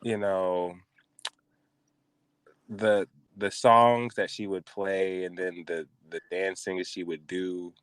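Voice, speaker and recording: A man co-hosting a podcast in casual chat, an animated storyteller whose voice jumps high when he acts out a panic. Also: slow, clean tone, no echo. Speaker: podcast co-host.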